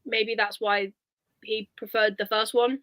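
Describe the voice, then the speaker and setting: A woman chatting casually about a book, animated and hesitant, with many restarts. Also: a little high, measured pace, dry recording.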